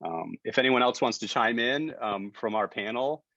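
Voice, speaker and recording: A man's voice: medium pitch, animated, moderate pace, a bit bright, dry recording, highs cut off. A middle-aged man hosting an online gathering, talking casually with many restarts and fillers. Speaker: event host. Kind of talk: casual hosting on a video call.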